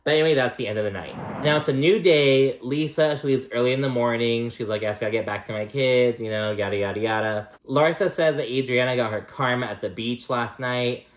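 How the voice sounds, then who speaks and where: A man recaps reality TV in a loose, gossipy way, cursing and filling gaps with "like" and "I don't know." His pitch sits in the middle. The room adds a noticeable echo. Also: brisk, few pauses. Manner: chatty, profane and sassy, many fillers.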